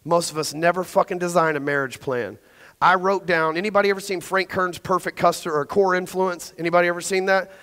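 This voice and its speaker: A man's voice: sits high, steady tone, brisk, bright, forceful tone, clean tone. A middle-aged man giving a blunt, profane sales talk on stage and quizzing the audience. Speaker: conference speaker. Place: large event hall. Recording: long hall reverb.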